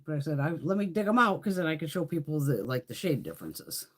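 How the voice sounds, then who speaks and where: A woman's voice: deep voice, big pitch swings, quick pace. Blunt, foul-mouthed woman in her fifties. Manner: profane, blunt storytelling with frequent laughs; reads out and answers viewer comments. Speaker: makeup livestream host. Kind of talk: casual livestream chat.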